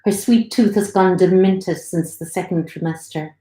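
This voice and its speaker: A woman reads one of her own short stories at a live online literary event, narrating in a friendly, steady, mellow and soft way. Her voice is lowish at a normal speed, with a roomy echo from the indoor space.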